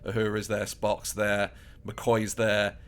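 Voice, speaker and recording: A man's voice: on the low side, monotone, takes it slowly, smooth. A man co-hosting a podcast, chatting casually and animatedly, with many restarts, acting out little quotes. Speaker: podcast co-host. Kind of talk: casual chat.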